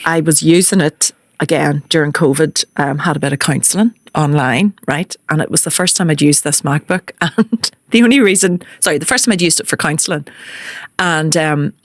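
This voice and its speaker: A woman, hosting a podcast and telling comic stories in a casual, animated way. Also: low-pitched, moderate pace, no room sound, studio quality. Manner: animated, laughs through her stories. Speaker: podcast host.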